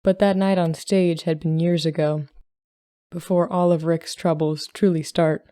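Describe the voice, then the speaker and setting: A woman hosting a podcast who reads a short story aloud in calm, measured scripted narration. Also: fairly low pitch, dry recording, studio quality. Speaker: podcast host and story reader.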